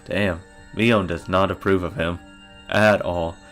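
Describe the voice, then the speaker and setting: Brief: let's-play reader, male, low and gravelly, emphatic and profane. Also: fairly even intonation, slow, fairly bright tone, faint music behind. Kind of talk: reading a visual novel aloud with commentary.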